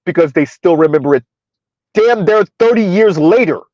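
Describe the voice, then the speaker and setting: Speaking at a moderate pace in an expressive, high-sitting voice with a darkish tone, a man runs a casual commentary stream. He reads and answers chat, argues rhetorically, leans on "who would have ever thought" and "right? huh?", and calls himself by third person. There's no room sound, and the highs are cut off.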